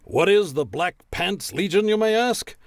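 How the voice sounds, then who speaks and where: A gravelly, rough-edged arena announcer, as a man plays him with a voice pitched a little high. He swings through a lively, up-and-down delivery full of profane bluster, and the recording is close and dry in a comedy skit. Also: measured pace, no echo. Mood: hammy. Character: crude hard-drinking male arena announcer, middle-aged.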